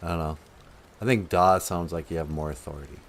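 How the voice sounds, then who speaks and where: A man's voice: deep voice, steady tone, fairly quick, slight background noise. A man co-hosting a comedic talk show, laid-back and offhand. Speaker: co-host.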